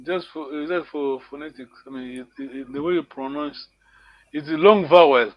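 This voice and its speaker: A man teaching a language lesson over a video call, patiently repeating words slowly and chuckling often. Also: fairly high pitch, dull audio. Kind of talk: live online language lesson.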